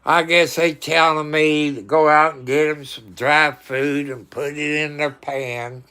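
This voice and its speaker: A man's voice: fairly high pitch, steady tone, unhurried, clean tone. A man chatting casually on a livestream and talking to his cats now and then. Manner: talks to his cats, sometimes scolding loudly. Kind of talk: casual chat.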